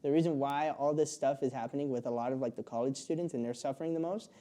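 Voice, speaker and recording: A man's voice: mid-range voice, steady tone, fast talker, warm tone. A young man telling a long story as a podcast guest, rambling with lots of fillers and frequent laughs. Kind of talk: casual storytelling.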